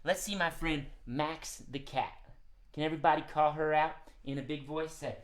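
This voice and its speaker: A man hosting a live-streamed children's show, talking gently to kids with many "um"s and "okay?"s. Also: fairly high pitch, steady tone, moderate pace. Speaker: children's entertainer host.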